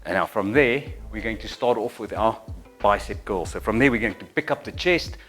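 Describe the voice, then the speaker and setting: A man's voice: on the low side, lively intonation, normal speed, a bit bright. A middle-aged man coaching an exercise routine, counting reps and breathing audibly, a little out of breath during the sets. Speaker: fitness instructor. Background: faint music.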